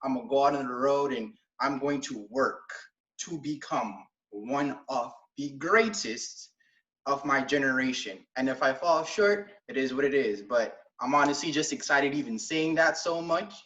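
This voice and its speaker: A man's voice: mid-range voice, moderate pace, fairly bright tone, echoey room, muffled recording. Eager young man on a distant call. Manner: eager, rambling, full of fillers. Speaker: student. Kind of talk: casual self-introduction.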